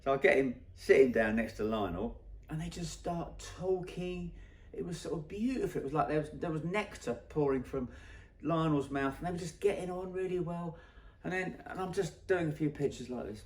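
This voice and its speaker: A man's voice: fairly high pitch, moderate pace, a little mellow. A man, a photographer, telling a rambling anecdote and correcting himself as he goes. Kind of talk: storytelling anecdote. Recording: roomy echo.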